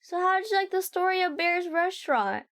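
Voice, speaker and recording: A woman's voice: very high-pitched, animated, brisk, a bit bright. A woman streaming a game from home, reading on-screen text aloud and reacting candidly and emotionally.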